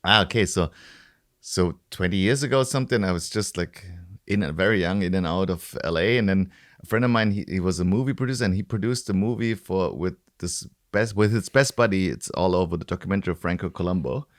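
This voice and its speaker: A man's voice: low voice, a little fast. A man of about forty from Germany with a German accent, a podcast host telling a rambling story in casual chat, full of restarts and fillers. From Stuttgart, Germany.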